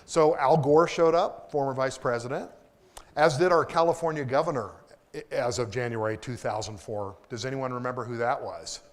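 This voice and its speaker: A man's voice: mid-range voice, moderate pace. Man from Kansas giving a lecture, enthusiastic and self-mocking, with a mid-range voice. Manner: enthusiastic, self-deprecating humor. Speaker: propulsion engineer giving a public lecture. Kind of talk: lecture with anecdotes. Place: lecture hall.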